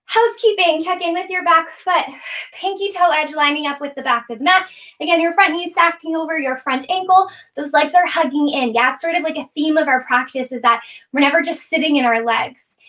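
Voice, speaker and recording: A young woman with a high, light voice guides a live yoga flow, calling out breaths and poses. She is playful and chatty with her asides, and a little out of breath from moving along with the class. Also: brisk, bright, forceful tone. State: slightly out of breath while moving. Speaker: yoga teacher.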